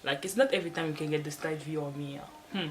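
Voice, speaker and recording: With the camera set off to one side, this woman speaks fast in a low-pitched voice, and the audio is poor. She's a hair-care vlogger seated before a wall at home, chatting loosely to the camera, often restarting herself and laughing a little.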